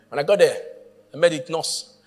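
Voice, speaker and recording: A man preaching a sermon, telling a story with lively acted-out voices and shouting at the peaks. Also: fairly high pitch, slow pace, big-room sound. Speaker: pastor.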